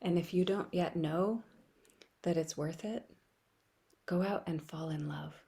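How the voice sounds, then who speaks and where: A woman leading an online spiritual practice, speaking softly and often dropping to a whisper, with playful asides. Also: fairly low pitch, measured pace, gravelly. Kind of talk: gentle spiritual teaching.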